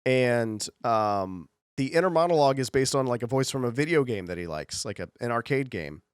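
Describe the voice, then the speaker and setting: A man's voice: mid-range voice, lively intonation, brisk, smooth, no echo, studio quality. A man co-hosting a podcast, chatting casually and rambling with lots of fillers. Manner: rambling, with many fillers and restarts. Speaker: podcast co-host. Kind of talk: casual chat.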